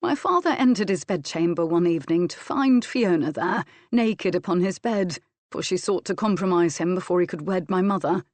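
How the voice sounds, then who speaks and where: A woman's voice: fairly low pitch, expressive, moderate pace, a little mellow, no echo, close to an everyday voice. A woman voicing a stern but fond Scottish earl scolding his wife, in an audiobook. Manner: firm, scolding, then teasing.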